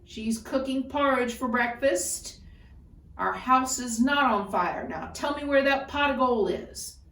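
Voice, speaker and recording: A firm young man insists and will not be fooled, as a woman storyteller plays him. The voice is plain and steady, heard off-mic in an echoing room. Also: sits high, measured pace, recorded from a distance, voice pushed up, full character voice. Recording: roomy echo, voice off-mic.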